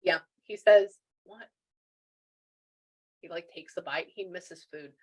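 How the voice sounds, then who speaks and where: A woman's voice: on the low side, slow, a little mellow, rough recording. A woman working as a spiritual medium, relaying messages in a chatty way and thinking aloud with lots of restarts. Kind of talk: relaying messages during a reading.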